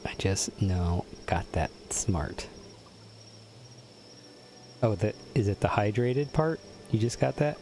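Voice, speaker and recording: Chatty low-voiced male streamer. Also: lively intonation, takes it slowly, pauses often, darkish tone, slight background noise. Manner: chatty, reads chat aloud and teases viewers. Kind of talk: casual gameplay commentary.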